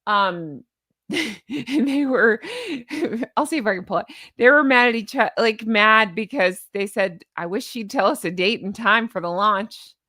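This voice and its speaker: A woman's voice: mid-range voice, measured pace, pushed and bright, no echo, clean studio sound. A woman hosting a commentary channel, talking in a sarcastic, exasperated, mocking way.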